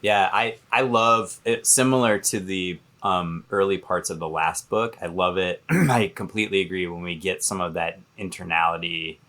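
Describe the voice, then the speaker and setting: A man's voice: sits low, normal speed, hardly any pauses, bright, forceful tone. A man in a casual book discussion, agreeing enthusiastically and rambling a little.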